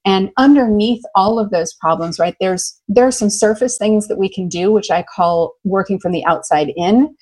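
A woman speaks with a lively, outgoing warmth, telling her stories with plenty of energy. She laughs often and comes across a little loud. Her voice sits at an ordinary middle pitch. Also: normal speed, hardly any pauses. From United States. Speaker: love coach guest. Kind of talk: candid interview storytelling.

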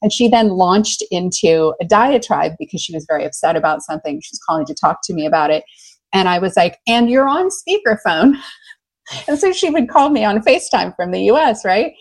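A middle-aged American woman, a love coach, telling stories in an animated, enthusiastic way during an interview. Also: lowish voice, a little fast, low-quality recording. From United States. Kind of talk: conversational interview.

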